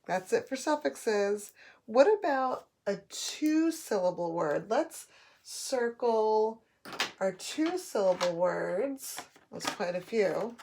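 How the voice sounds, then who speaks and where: A woman leads a phonics lesson for young children at an even, middle pitch. She speaks slowly and deliberately, sounding out letters one by one, with the patient rhythm of a teacher at the board. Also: slight background noise. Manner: slow, clear teacherly pacing with sounded-out letters.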